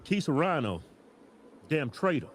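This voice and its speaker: Male co-host, teasing and mock-accusing, laughs a lot, high and very lively voice. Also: slow pace, a little hiss or hum. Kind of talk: casual political banter.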